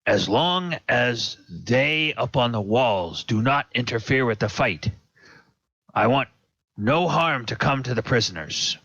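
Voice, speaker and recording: A man's voice: mid-range voice, lively intonation, slow, fairly bright tone, dry recording, full character voice. Sneery dragon-man warlord, guy doing the voice, hisses his threats, dull lo-fi sound. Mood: commanding.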